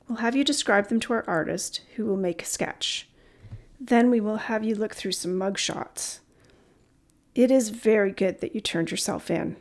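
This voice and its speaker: Woman voicing a calm, kind young policewoman. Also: medium pitch, natural voice. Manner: measured, reassuring.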